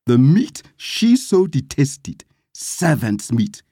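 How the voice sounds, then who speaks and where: Slow, wildly expressive storyteller. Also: medium pitch, husky, no room sound. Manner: lively, dramatic storytelling. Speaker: narrator. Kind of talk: storybook reading.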